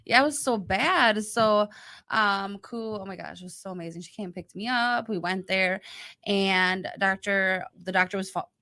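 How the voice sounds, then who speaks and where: Woman co-host, bright and crisp, storytelling with lots of "I'm like". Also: medium pitch, normal speed. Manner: animated storyteller, acts out her own past lines. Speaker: podcast co-host. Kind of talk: casual chat.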